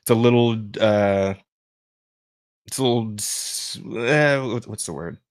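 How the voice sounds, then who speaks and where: A man hosting a podcast in casual chat with a smooth voice. He rambles with many restarts. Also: fairly low pitch, unhurried, dry recording, studio quality. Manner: rambling, many restarts and fillers, laughs while talking. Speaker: podcast host.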